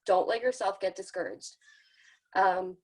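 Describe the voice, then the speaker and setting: A woman's voice: medium pitch, a little slow, a little mellow, low-quality recording. A woman leading an online sales training, talking casually and encouragingly, often acting out what other people say. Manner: chatty, encouraging, acts out other people's lines. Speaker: team leader giving a sales training. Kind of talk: casual motivational training talk. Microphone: video call.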